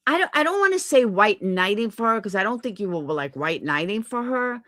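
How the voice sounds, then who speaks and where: A woman's voice: medium pitch, big pitch swings, a little fast, fairly bright tone, dry recording. A woman streamer venting in an angry, profane rant on a livestream. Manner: heated, profane, repetitive venting. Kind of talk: angry ranting livestream commentary.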